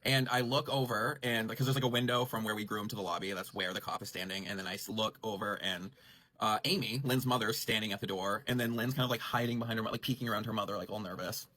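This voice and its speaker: A man's voice: fairly low pitch, steady tone, fast talker, sharp tone. A man casually telling a rambling story about his grooming salon, full of "like" and self-corrections. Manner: rambling, heavy use of "like", frequent self-corrections.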